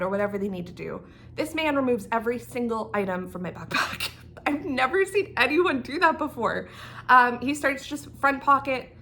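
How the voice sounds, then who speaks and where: A young woman from Canada telling an animated storytime as a knitting vlogger, laughing as she goes and acting out the dialogue. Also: fairly high pitch, slight background noise. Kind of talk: casual storytime.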